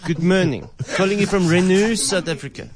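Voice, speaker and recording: A man putting on a heavy French accent to play a smooth, overly polite male car company boss, talking slowly and deliberately as a prank caller. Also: high voice, a crowd in the background, pitched above the performer's own voice, close to an everyday voice. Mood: phony polite. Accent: put-on French.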